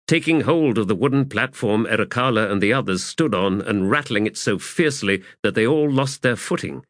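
Male narrator, low voice, measured delivery, dry close recording. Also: fairly bright tone, no room sound. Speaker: audiobook narrator. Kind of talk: scripted narration.

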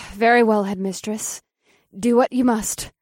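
Elegant, firm elf witch, voiced by a woman; proud, husky, recorded dry. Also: fairly high pitch, fairly even intonation, measured pace, a little mellow, dry recording. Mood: resigned.

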